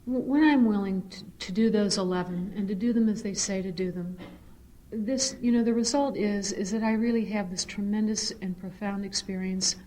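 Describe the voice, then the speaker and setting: A middle-aged woman giving a personal testimony at a recovery meeting. She tells her story in an animated, earnest way and shifts into spiritual reflection. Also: moderate pace, a little hiss or hum. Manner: animated storyteller, swings to high excited re-enactment. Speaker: speaker sharing at a recovery meeting.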